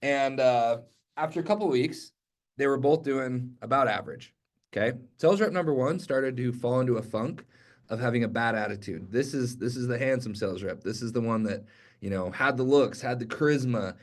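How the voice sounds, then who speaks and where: A young adult man giving a motivational sales training talk, energetic and conversational, speaking straight to his team. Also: mid-range voice, moderate pace. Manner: energetic, conversational, direct address with frequent "okay?".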